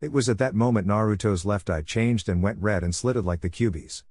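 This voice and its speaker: Low-voiced man reading a fan story. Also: a little fast, darkish tone, no room sound. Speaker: narrator.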